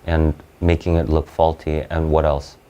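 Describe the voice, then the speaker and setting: A man's rumbling low voice, warm but monotone, comes through dull audio at normal speed. He's an SAT tutor giving a live online class, explaining in bursts and asking "right?" and "okay?" to check in.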